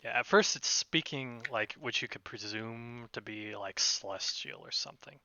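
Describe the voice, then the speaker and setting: A man narrating a tabletop game as game master, halting with many fillers. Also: medium pitch, sharp tone, dull audio, slight background noise.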